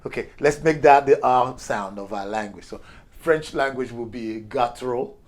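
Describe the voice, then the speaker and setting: A man's voice: medium pitch, moderate pace. An older man whose first language is Portuguese, tipsy and rambling through a profane history rant while acting out characters in quotes. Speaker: show regular.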